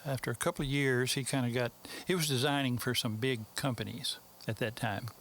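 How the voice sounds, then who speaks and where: A man's voice: medium pitch, a little fast, fairly bright tone, slight background noise. A man with a Texan accent, a guest in an interview, telling stories in a rambling, folksy way with many fillers. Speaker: interview guest, mastering engineer. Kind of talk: casual storytelling interview.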